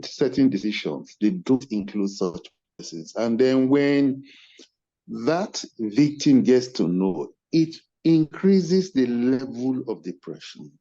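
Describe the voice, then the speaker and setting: A man's voice: mid-range voice, dark tone. An older man gives earnest closing remarks as a webinar convener, speaking over a video call. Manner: earnest, measured, thanks attendees by name. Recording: muffled video-call audio.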